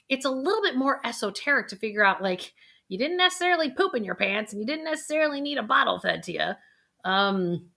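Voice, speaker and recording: A middle-aged woman, a financial planner, hosting a vlog and coaxing viewers through a guided emotional exercise, energetic in places and slow and soft on repeated affirmations. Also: medium pitch. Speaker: financial planner and video host.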